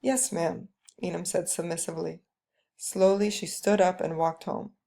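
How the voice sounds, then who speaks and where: A woman reads a first-person story aloud in a calm, steady way. Her voice is mellow and dark, with a gravelly texture. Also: on the low side, normal speed. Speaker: reader. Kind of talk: storybook reading.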